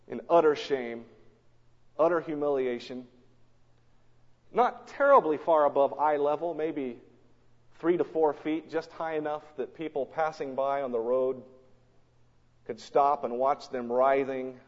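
A man preaching a sermon in a dramatic storytelling manner, swinging between loud and hushed, recorded in a church or large hall. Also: a little high, unhurried, pauses often. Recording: long hall reverb, dull lo-fi sound.

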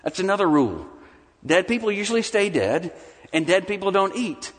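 A middle-aged man preaching a conversational sermon, with lively swings between emphatic passages and soft, hushed asides. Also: high-pitched, moderate pace, in a large hall. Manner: animated, conversational preaching with sudden drops to a soft hush. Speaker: pastor.

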